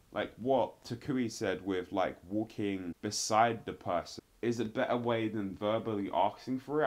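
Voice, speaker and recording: A man with a somewhat low, slightly mellow voice casually reviews a TV episode. He rambles and leans heavily on "like" and "sort of."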